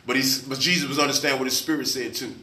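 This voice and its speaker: A man's voice: mid-range voice, fairly even intonation, rapid-fire, pushed and bright, slight background noise. A man, a pastor, preaching a sermon, asking his congregation questions in call-and-response style. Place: church. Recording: echoey room, mic at a distance.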